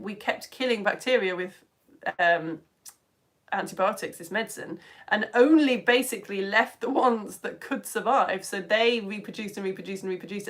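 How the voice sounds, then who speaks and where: A woman presenting a live-streamed science lesson for home educators, chatty and excitable as she greets viewers by name. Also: mid-range voice. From United Kingdom.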